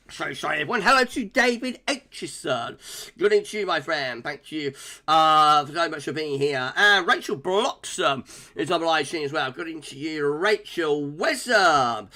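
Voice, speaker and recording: A man's voice: on the high side, lively intonation, normal speed, pushed and bright. A man hosting a weather livestream, chatting casually with viewers, often laughing and using lots of fillers. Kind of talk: casual livestream chat reading out viewer comments.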